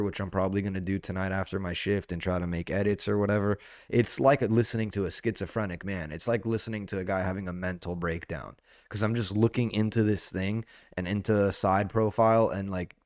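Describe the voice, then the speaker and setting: A young man with a very low voice talks alone into a podcast mic, rambling and profane, dropping "dude" every few words. The sound is close and dry, with no room around it. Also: dry recording. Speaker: podcast host. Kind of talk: solo casual podcast monologue. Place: indoor podcast setup under lights.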